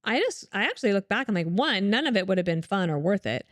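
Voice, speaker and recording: Animated woman telling stories in a dry studio. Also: medium pitch, fast, dry recording. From Colorado, USA. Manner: animated storyteller who acts out quoted voices. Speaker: guest. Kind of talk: candid storytelling interview.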